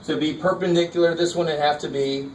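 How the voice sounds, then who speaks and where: A man with a fairly high voice lectures a math class in a casual, engaged way and keeps asking whether the students follow. He was recorded from across a roomy classroom, and a faint hiss sits under the voice. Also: fairly even intonation, fairly quick, a little mellow, distant mic. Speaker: math teacher.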